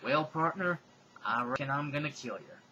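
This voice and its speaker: A man's voice: medium pitch, expressive, bright, forceful tone, dull audio, a little hiss or hum. A man voicing a menacing, gun-toting villainess with a put-on Southern drawl. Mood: threatening. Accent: American Southern (put on). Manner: slow, threatening drawl.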